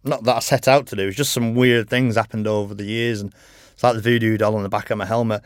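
This middle-aged podcast guest, a motorcycle racer, speaks fast in a lowish, steady voice. The casual interview is full of rambling stories, free swearing, and frequent laughter, with clean studio sound and no room sound.

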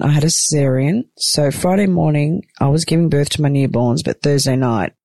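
A woman's voice: low voice, vocal fry, no echo, clean studio sound. A woman giving a dramatic, gushing casual recap from a hospital bed. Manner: gushing, dramatic, expressive storyteller. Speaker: reality TV cast member recapping episodes.

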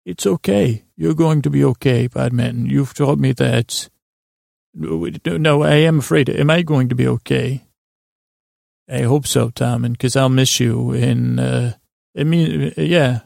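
Gravelly man rambling through improv comedy. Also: medium pitch, darkish tone, dry recording, clean studio sound. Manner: rambling, halting, full of restarts. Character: earnest boy king Tommen. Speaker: comedy podcast host.

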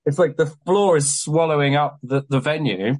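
A young man on a podcast telling a long story in a casual, animated way, swearing often and acting out what people said to him. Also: on the high side, moderate pace, poor audio. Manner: animated, swears a lot, acts out quoted exchanges. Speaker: guest, venue promoter.

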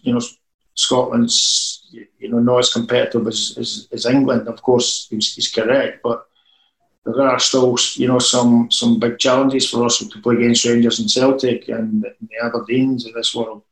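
A man's voice: medium pitch, little pitch movement, moderate pace, fairly bright tone, roomy sound, low-quality recording. A man, a former football manager telling rambling anecdotes in a casual interview.

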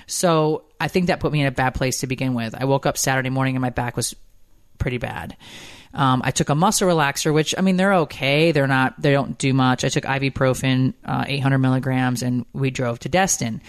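A woman in her forties co-hosting a casual chat show, telling stories in an animated, rambling way. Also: very deep voice, brisk, no room sound, clean studio sound. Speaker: podcast co-host.

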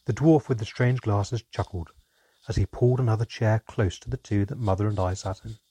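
Calm, husky-voiced male storyteller. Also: lowish voice, brisk, dry recording. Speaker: narrator. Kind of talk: audiobook narration.

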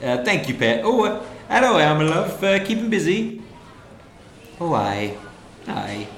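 A man's voice: fairly high pitch, sing-song, a little slow, creaky, fairly bright tone, voice pushed up, heavily acted. A man voicing a meek, fussy husband in a comedy sketch. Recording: roomy room sound.

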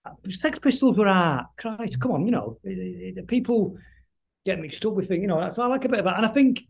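A middle-aged man talks quickly and loosely as a guest on an interview podcast. His voice sits a little high for a man. He rambles, trips over his words and keeps restarting his sentences. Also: lively intonation, gravelly, slightly rough. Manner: rambling, halting, many restarts. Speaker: guest musician. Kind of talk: casual interview chat.

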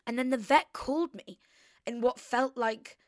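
A woman's voice: fairly high pitch, normal speed, no echo, studio quality. A young woman, hosting a casual confessional chat, rambling and chatty with lots of fillers. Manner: rambling, chatty, heavy use of "like". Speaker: podcast host.

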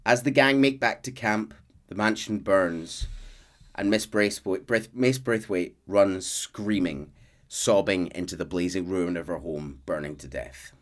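A man on a podcast, casually retelling a game's plot with lively bursts and fillers. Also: sits low, unhurried. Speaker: podcast host recapping a game story. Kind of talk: casual storytelling recap.

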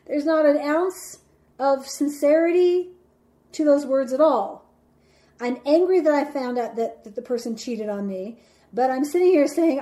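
Mellow, dramatic woman teaching. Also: sits high, lively intonation. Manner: dramatic, acts out her examples; measured, explains step by step. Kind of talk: instructional talk.

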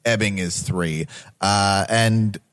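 A man's voice: fairly low pitch, slow, fairly bright tone, clean tone. A married man co-hosting a casual film podcast, talking enthusiastically and rambling a little. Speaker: podcast co-host.

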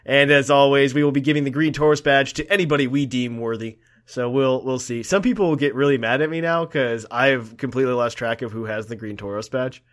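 A man's voice: medium pitch, steady tone, a little fast, few pauses, fairly bright tone. A man hosting a casual podcast, talking in a laid-back, rambling way and laughing often. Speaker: podcast host.

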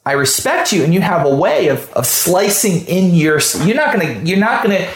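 A man's voice: sits high, very animated, normal speed. A man in casual conversation, talking bluntly and with a lot of swearing, stopping and restarting his sentences as he works through his points. He sounds like a manager describing how he handles his staff. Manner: blunt and profane, many restarts. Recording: roomy echo.

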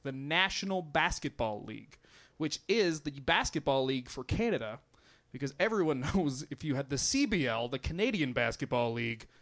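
Animated high-voiced comedian doing crowd work. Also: male voice. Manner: animated, laughing between jokes. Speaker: stand-up comedian. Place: comedy club stage.

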